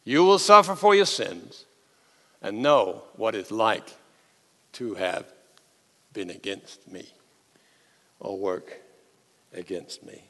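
A man, a pastor preaching a sermon, telling the story with animated swings from loud to hushed. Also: fairly low pitch, slow pace, pauses often. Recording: long hall reverb.

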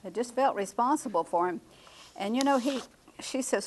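A woman's voice: medium pitch, measured pace. Older woman, Bible study teacher; conversational, chuckles, echoes the class. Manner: conversational, repeats class answers, chuckles often.

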